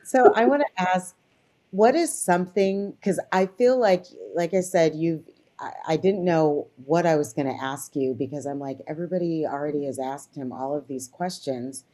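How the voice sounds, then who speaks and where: A woman hosts a podcast interview in a deep, mellow voice. She encourages her guest and laughs along with him easily. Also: normal speed. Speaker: podcast host. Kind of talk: casual interview.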